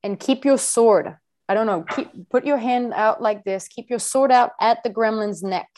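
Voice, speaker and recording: A woman leads a live training exercise, pressing her student with short, direct instructions. She repeats herself to drive each point home. Her voice sits a little on the high side. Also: normal speed, a little mellow. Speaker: coaching trainer. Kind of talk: live coaching of a practice session.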